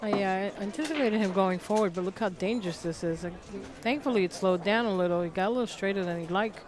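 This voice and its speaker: A man's voice: high voice, fast talker, noisy background. A man co-commenting on a pool match, easygoing and observant.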